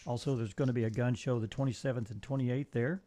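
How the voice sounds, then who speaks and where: Local TV co-host, man, relaxed and hesitant delivery. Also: medium pitch, fast talker. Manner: easygoing, hesitant with frequent uhs. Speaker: co-host of a local TV talk show. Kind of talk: casual chat reading community announcements.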